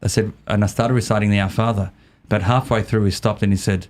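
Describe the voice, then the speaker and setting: A man with an Australian accent, a podcast guest telling a story in a lively way, often repeating and restarting his words. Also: on the low side, quick pace. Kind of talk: casual storytelling.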